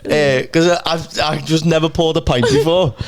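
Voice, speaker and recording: A man's voice: fairly high pitch, fairly even intonation, over a noisy crowd. Self-mocking young man. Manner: self-deprecating, halting, trailing off. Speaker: podcast co-host, comedian. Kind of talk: casual chat.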